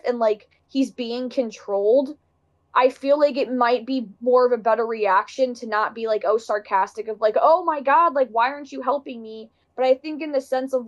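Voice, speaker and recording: A woman's voice: a little high, dull audio. A woman co-hosting a casual movie discussion, animatedly retelling scenes. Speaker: podcast co-host.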